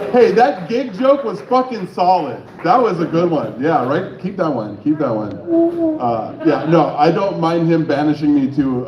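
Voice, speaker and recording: A man's voice: a little high, moderate pace. A man hosting a comedy open mic, hyping the audience and bantering between comics. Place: small bar comedy venue. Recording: echoey lo-fi room with crowd noise. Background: audience laughing and chatter.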